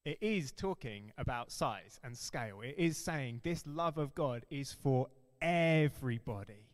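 A man preaching a sermon as pastor, earnest and emphatic, stressing key phrases slowly. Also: medium pitch, animated, in a large hall.

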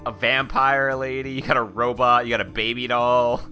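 A man's voice: mid-range voice, level tone, moderate pace, sharp tone, soft background music. A man running a tabletop game, chatting animatedly and laughing often. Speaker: game master.

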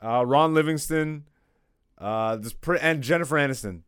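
A man's voice: on the high side, moderate pace, fairly bright tone, smooth, dry recording, studio quality. A man in his thirties hosting a podcast in casual, joking chat, swearing often. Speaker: podcast host.

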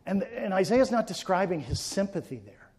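A male pastor preaching a sermon, swinging between forceful emphatic peaks and quiet hushed passages. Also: high-pitched, very animated, normal speed. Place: church sanctuary. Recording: long church reverb.

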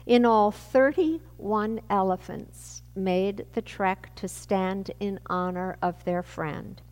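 A woman pastor giving a sermon with a measured, reflective delivery. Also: medium pitch, a little mellow, big-room sound.

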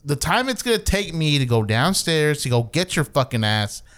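Smooth-voiced man telling a rant. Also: fairly high pitch, normal speed. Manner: animated, swears a lot, acts out quotes. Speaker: storyteller in a group chat. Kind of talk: casual profane storytelling.

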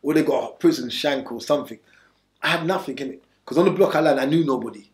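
A man's voice: fairly high pitch, quick pace. A man from England, telling his story as an interview guest in streetwise slang, urgent and repetitive. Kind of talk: candid storytelling. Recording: echoey room.

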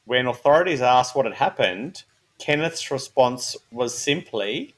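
Brief: man, true-crime podcast host, jokey and chatty, mid-pitched voice. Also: lively intonation, unhurried. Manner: jokey, laughs often, reads case notes. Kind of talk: casual true-crime chat.

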